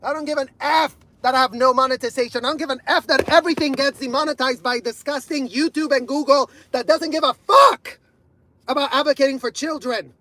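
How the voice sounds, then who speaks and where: A man ranting to camera in fury, swearing heavily, repeating his points and bursting into shouts. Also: very high-pitched, a little fast, low-quality recording. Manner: furious, profane, repeating himself, bursts of shouting. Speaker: video creator. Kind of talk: angry rant to camera.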